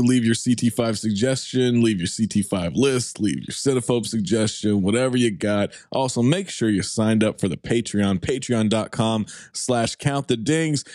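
A man's voice: mid-range voice, a little mellow, no echo. Joking male podcast host, dry sound. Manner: loose and joking, with quick promo reads. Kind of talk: casual movie podcast banter.

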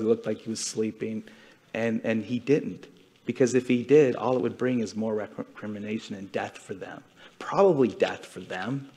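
A man's voice: medium pitch, darkish tone. A man giving a conversational sermon to a congregation, retelling a story earnestly and with feeling. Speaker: congregation speaker.

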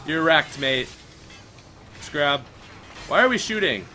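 A young man commentating his own gameplay, chatty and excitable, with outbursts and mock-British slang like mate. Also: mid-range voice, a little hiss or hum. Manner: excitable, chatty, quick outbursts while playing. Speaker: gaming video host. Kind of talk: let's play commentary.

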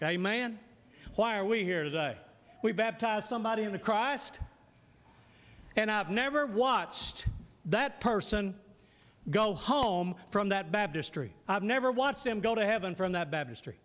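A man with a high voice preaches a sermon in a church sanctuary, and the room rings with a long reverb. He keeps asking his congregation questions and waiting for them to answer back. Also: animated, a little slow, fairly bright tone.

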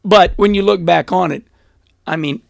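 A middle-aged man as an interview guest, telling stories in a blunt, animated way and laughing often. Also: sits high, moderate pace, vocal fry, no echo, studio quality. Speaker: interview guest, former race car driver. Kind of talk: casual storytelling interview.

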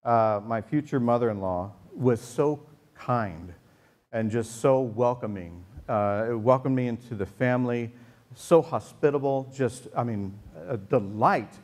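A man's voice: mid-range voice, a little slow, a little mellow. A male pastor preaching a sermon to a congregation in a church, joking and telling stories in a conversational way. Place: church sanctuary before a congregation.

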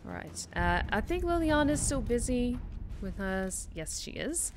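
A woman's voice: on the high side, very animated, unhurried, noisy background. Chatty woman game streamer. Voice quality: chatty, frequent fillers. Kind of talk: casual let's-play chat.

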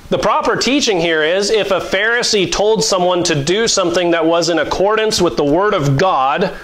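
High-voiced man preaching a sermon. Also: a bit bright, rough recording. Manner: conversational preaching with mock-voiced asides and chuckles. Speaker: pastor.

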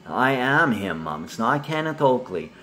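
A man's voice: mid-range voice, sing-song, measured pace, bright, forceful tone, faint music behind. A man talking in a long rambling monologue, swearing freely and jumping from topic to topic.

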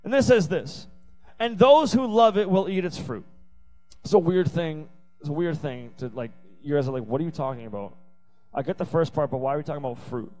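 Emphatic high-voiced youth pastor man. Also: a little mellow, rough recording. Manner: emphatic, repetitive, playful asides. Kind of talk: youth sermon. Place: youth service venue.

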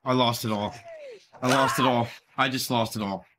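A man's voice: medium pitch, steady tone, normal speed, a bit bright, a little hiss or hum. A man live-streaming his gambling, talking constantly in a profane voice that swings between begging the game and cursing at it. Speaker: livestreamer.

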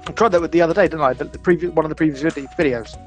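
A man's voice: on the high side, very fast. A man hosting a casual co-op gaming session, chatty and jokey, narrating what he is doing. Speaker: let's play host. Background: game music.

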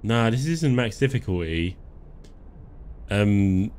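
A man's voice: fairly low pitch, animated, takes it slowly, a little mellow, a little hiss or hum. A man giving casual live commentary while playing a game, joking and chuckling as he talks to himself and his chat. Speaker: live-stream gamer.

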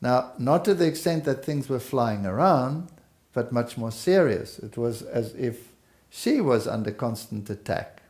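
Slow gravelly guy from south africa telling his family story, unhurried and earnest. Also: medium pitch, a little mellow. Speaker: speaker telling life story. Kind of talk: personal testimony in conversation.

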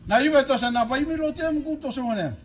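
A man with a Papua New Guinean accent preaching a sermon as a bishop, emphatic and animated, swinging between loud exhortation and low, quiet asides. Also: racing, a little hiss or hum, low-quality recording.

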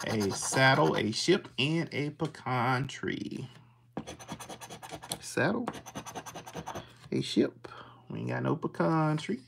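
Slow, gravelly livestream host. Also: medium pitch, animated, fairly bright tone, a little hiss or hum. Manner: slowly reads out scratch-off symbols and greets chat viewers. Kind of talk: casual livestream commentary.

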